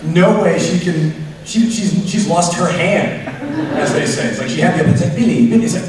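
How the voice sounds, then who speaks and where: A man on a convention panel, a voice actor telling stories in an animated way with restarts, heard through a distant mic in a large hall. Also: high-pitched, moderate pace, crowd noise.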